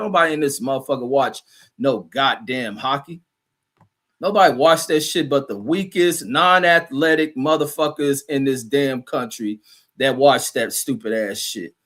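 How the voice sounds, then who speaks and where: Man, high voice, angry profane rant, streamer host. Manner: loud, combative, heavy cursing, stumbles over names. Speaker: show host.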